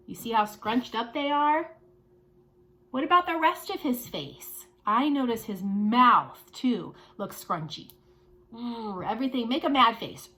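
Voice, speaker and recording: Bright, animated preschool teacher woman. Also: high voice. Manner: animated, sing-song, playful exclamations. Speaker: early childhood teacher. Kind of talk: lesson for young children.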